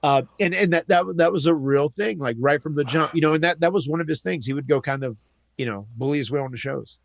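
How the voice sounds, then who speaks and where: A middle-aged man from the Carolinas, a podcast guest telling an anecdote in a casual, animated way, often repeating words as he gets going. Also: on the high side, fast talker, gravelly, no echo. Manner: animated storyteller, repeats words when excited.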